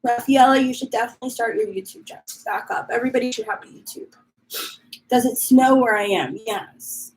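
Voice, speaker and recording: A woman's voice: on the high side, fairly quick, darkish tone, low-quality recording. A woman hosting a casual live stream from her home, chatting and reading viewer comments aloud while dealing with allergies and a runny nose. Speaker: livestream host.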